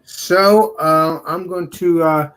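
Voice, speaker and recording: A man's voice: on the high side, takes it slowly, a bit bright. Rambling male host of a casual food show. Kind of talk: casual online food and beer show chat.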